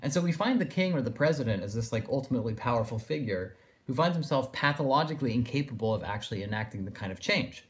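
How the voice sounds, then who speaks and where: Male lecturer, discursive and reflective, middle-pitched voice. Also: expressive, fast. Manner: discursive, thinking aloud with fillers like "in a sense". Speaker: philosophy lecturer. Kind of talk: recorded lecture.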